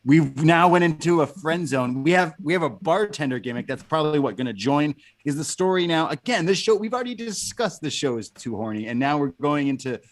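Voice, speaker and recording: A man co-hosting a wrestling review podcast, rambling and animated in casual chat. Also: a little high, a little fast, hardly any pauses. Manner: animated, rambling, laughing commentary. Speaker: podcast co-host.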